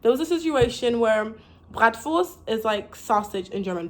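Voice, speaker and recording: A woman's voice: on the high side, expressive, moderate pace. A young American woman talking casually to camera as a vlogger, chatty and rambling, full of likes and restarts, laughing now and then. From United States.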